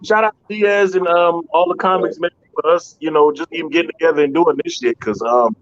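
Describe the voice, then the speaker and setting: A man with a high voice performs a loose, profane stand-up set from his guest room at home. The sound is dull and lo-fi, and he rambles from joke to joke. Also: brisk, no room sound. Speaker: headlining comedian.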